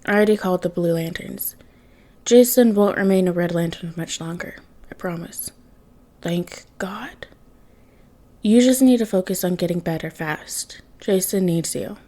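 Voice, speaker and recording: Sex: man, read by a woman. Figure: restrained male friend. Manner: quiet, matter-of-fact. Tone: mellow. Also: lowish voice, normal speed, lightly acted.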